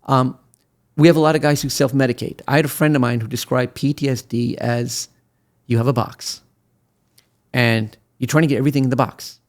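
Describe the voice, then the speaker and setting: A man in his sixties from Brooklyn, a veteran attorney talking as an interview guest. He tells his stories in an animated way, with plenty of fillers and restarts. His voice sits at a middle pitch. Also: brisk. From Brooklyn, USA. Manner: animated storyteller with many fillers and restarts who acts out quotes. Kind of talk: interview storytelling.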